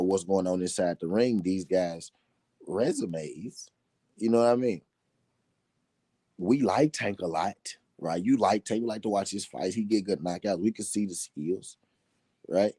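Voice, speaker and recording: A low-pitched man with a dark, mellow voice hosts a casual live boxing show, talking loosely and with profanity. He keeps checking in with "you know what I mean?" and answers viewers' comments as he goes. His voice sounds dry and close to the mic. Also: husky, dry recording. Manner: reads and answers chat comments. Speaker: boxing talk show host.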